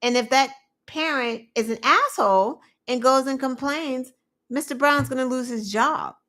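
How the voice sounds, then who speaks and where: A woman host giving opinionated political commentary, indignant and animated, with mocking asides. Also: high voice, moderate pace.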